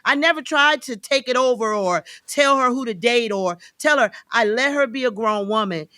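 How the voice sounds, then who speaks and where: A woman's voice: fairly high pitch, expressive, normal speed, sharp tone, no echo, studio quality. A woman and mother speaking as a guest on a talk show, earnestly giving advice and repeating her points for emphasis. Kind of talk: casual talk show chat.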